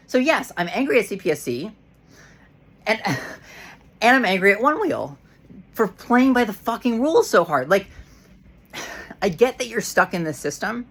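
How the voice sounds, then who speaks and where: A woman's voice: medium pitch, big pitch swings, breathy edge. Fired-up woman ranting in a vlog. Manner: heated and frustrated, swearing, halting restarts. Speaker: vlogger. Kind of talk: casual rant to camera.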